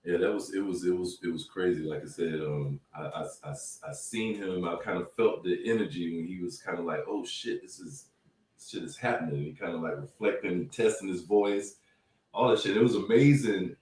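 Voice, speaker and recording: A man's voice: low-pitched, brisk, a little mellow, far from the mic. A man co-hosting a casual talk show, speaking loosely in slang and repeating words as he gets going. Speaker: co-host and instructor. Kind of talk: casual chat. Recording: echoey room, off-mic.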